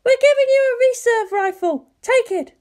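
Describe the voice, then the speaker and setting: A man's voice: extremely high pitch, normal speed, a little mellow, pitched above the performer's own voice. A man voicing an adult woman commander who barks urgent orders over a radio link.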